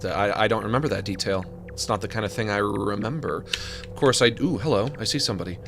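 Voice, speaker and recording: A man's voice: fairly low pitch, fast talker, gravelly. A man streaming a game, rambling and joking as he talks to himself and to his chat. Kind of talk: casual live-stream commentary. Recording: game music behind the voice. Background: game music.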